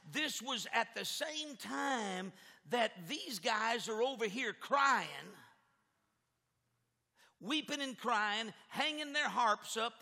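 A high, very bright male voice preaching a lively sermon, stammering on repeated words and rising into shouts. The long reverb of a large hall rings around him. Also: gravelly. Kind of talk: animated sermon with a live demonstration.

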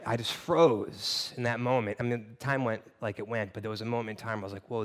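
A man in his thirties preaching, telling a family story in a conversational, animated way with halting restarts. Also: mid-range voice. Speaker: pastor. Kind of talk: sermon storytelling. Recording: long reverb of a large hall.

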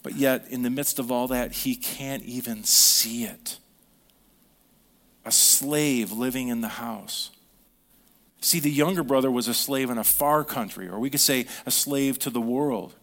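A male pastor giving a sermon in an easy, conversational way, with a voice of middling pitch. He tells stories, asks questions of his listeners and drops to a hush when he makes his main points. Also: unhurried.

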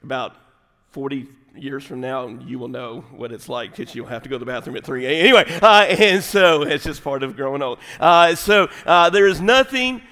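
A middle-aged man preaching a sermon, folksy and animated, dropping at times to a quiet, intimate tone. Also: mid-range voice, moderate pace. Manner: folksy, animated storytelling with sudden drops to quiet, intimate delivery. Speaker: pastor. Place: large church sanctuary. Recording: long hall reverb.

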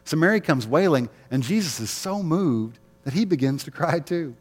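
A man's voice: on the high side, expressive, normal speed, slightly rough, big-room sound, faint music behind. A man preaching an Easter sermon as pastor, conversational, with rhetorical questions and light jokes.

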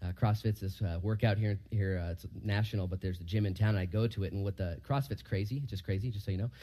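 A man, a pastor, giving a casual verse-by-verse sermon in a church hall. He questions the room and moves from loud emphasis to quiet asides. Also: steady tone, quick pace. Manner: conversational, asks the room questions, rises loud for emphasis and drops low for asides.

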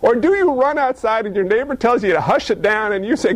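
A man's voice: extremely high pitch, animated, a little fast, hardly any pauses, no room sound. A male pastor preaching a sermon, joking and firing off rhetorical questions.

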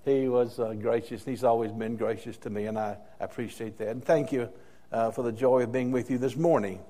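An older male pastor delivering a sermon in a mellow, relaxed voice. He tells his points through personal stories and lingers on a phrase, repeating it for weight. His pitch sits in an ordinary middle range. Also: brisk. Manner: storytelling, repeats key phrases for emphasis. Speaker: interim pastor.

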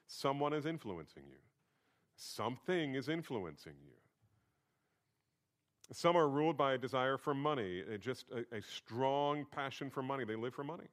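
A man's voice: medium pitch, fairly bright tone. Man preaching a conversational sermon. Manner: conversational teaching with emphatic repetition. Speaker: pastor.

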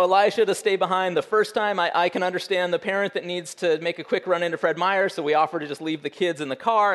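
A man's voice: high-pitched, a bit bright. A man giving a sermon in a conversational way, with wry humor and frequent restarts. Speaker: pastor.

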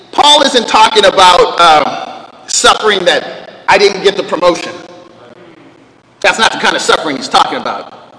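Animated male preacher in an echoey hall. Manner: animated, swings between loud outbursts and low quiet reading. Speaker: pastor. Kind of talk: sermon. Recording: echoey hall with long reverb.

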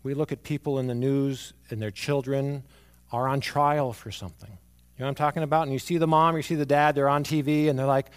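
A man preaching a sermon, moving from hushed, near-whispered lines to emphatic ones as he tells stories about his young son. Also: on the high side, a little fast. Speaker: pastor.

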